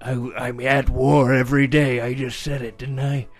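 A hot-headed, unstable drifter who talks in blunt, combative bursts, as a man improvises him for a comedy show. His voice sits at an ordinary middle pitch. Faint music plays behind him. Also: little pitch movement, moderate pace, natural voice. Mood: gruff.

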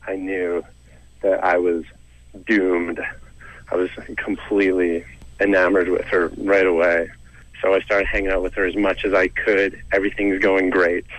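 A man's voice: sits low, a bit bright, no room sound, rough recording. A young man, a comedian, chatting as a guest and telling a funny story in a self-mocking way, laughing between lines. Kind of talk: casual storytelling interview.

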